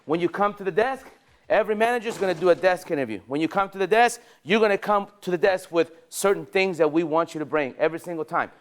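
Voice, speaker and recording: High-voiced energetic sales trainer man. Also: fast talker. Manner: energetic, rallying, asks the room questions.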